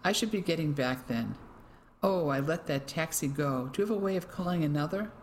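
A storyteller voicing a stiff, self-pitying English gentleman in his sixties who speaks in a clipped way. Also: medium pitch, expressive, a little fast, slight background noise, lightly acted. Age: 60s.

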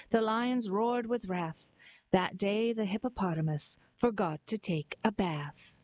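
A woman volunteer reader reciting poems in a measured, expressive way. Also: medium pitch. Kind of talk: reading poetry aloud.

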